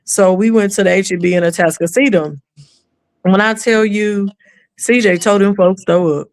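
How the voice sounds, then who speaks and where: Speaking at normal speed, the East Texas mom, the mother of an autistic son, animatedly shares stories as a podcast guest, her medium-pitched voice captured dry and at studio quality. When quoting, she acts out voices and slips into a whisper.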